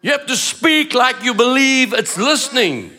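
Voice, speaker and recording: A man's voice: very high-pitched, expressive, normal speed, bright, forceful tone. A man preaching a sermon, emphatic, repeating phrases and acting out dialogue. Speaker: pastor.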